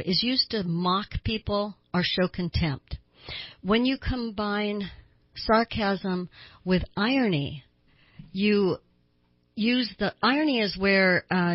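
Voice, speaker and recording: A woman's voice: medium pitch, no echo, highs cut off. A woman therapist hosting a radio talk show, explaining things earnestly with small laughs.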